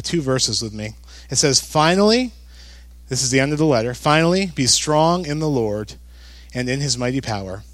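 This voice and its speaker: Conversational joking pastor preaching a sermon. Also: male voice, mid-range voice, no room sound. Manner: conversational, joking, animated emphasis.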